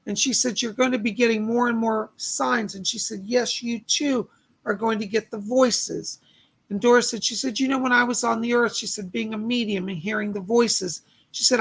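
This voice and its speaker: A male psychic medium on a live stream, hoarse from losing his voice, relaying spirit messages and thanking donors by name. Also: high-pitched, a bit bright. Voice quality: gravelly, husky voice. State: losing his voice, clearing his throat.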